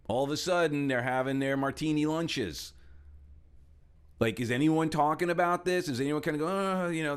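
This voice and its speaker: Delivering a motivational talk, a middle-aged speaker and trainer with a slightly high voice is animated throughout. He shifts between loud emphasis and quiet asides, voicing the people he quotes.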